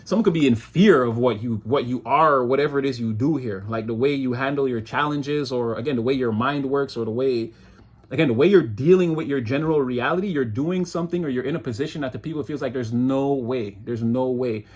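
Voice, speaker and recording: Husky man giving a rambling tarot reading. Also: brisk. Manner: rambling, animated, puts on high mocking voices for quoted people. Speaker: tarot reader.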